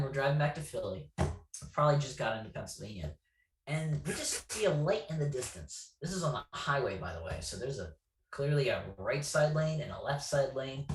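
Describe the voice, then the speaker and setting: Animated man, echoey and off-mic. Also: mid-range voice, background noise. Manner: self-deprecating, animated storyteller. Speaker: guest. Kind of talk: casual storytelling chat. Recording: echoey room, distant from mic.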